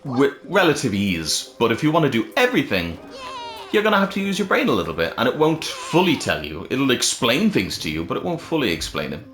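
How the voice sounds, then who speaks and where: Man, casual game commentary, rambling, lively intonation, roomy sound, faint music. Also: medium pitch, fairly quick. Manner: rambling, chatty, thinking aloud. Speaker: game reviewer.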